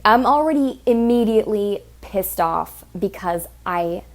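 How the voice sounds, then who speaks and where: A woman's voice: mid-range voice, moderate pace, a little mellow. Blunt, profane woman telling a story. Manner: blunt and profane, heated, mimics others. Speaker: podcast host. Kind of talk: casual storytelling monologue.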